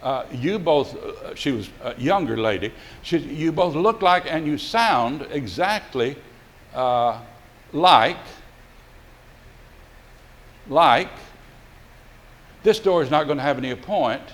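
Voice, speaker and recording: A man's voice: on the high side, lively intonation, a little slow, a bit bright. An older male pastor telling a folksy, rambling story in a sermon, with many fillers and restarts.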